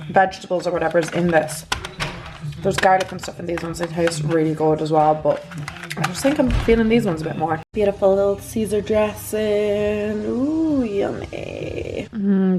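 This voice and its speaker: A woman's voice: on the low side, slight background noise. A woman chatting casually in a vlog from a spare room at home, rambling and dropping into whispered asides. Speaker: beauty vlogger.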